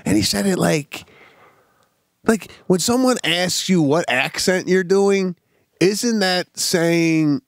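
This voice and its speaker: A man co-hosting a casual comedy podcast, telling a story in an animated, exasperated way with lots of restarts. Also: sits high, slow, vocal fry, dry recording, studio quality. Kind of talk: casual chat.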